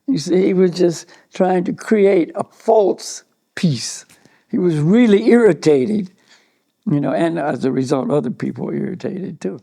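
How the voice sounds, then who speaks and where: Man, mellow gravelly voice, slightly high, meandering storyteller giving a spiritual talk. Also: a little slow. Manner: rambling, anecdotal, many "you know" asides.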